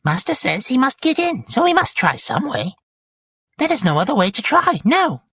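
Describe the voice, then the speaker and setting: A man reading a novel aloud and voicing a wretched, cringing male creature in a high, breathy, whining voice. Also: big pitch swings, moderate pace, sharp tone, exaggerated voice. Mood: pleading. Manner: whining, sing-song read-aloud performance.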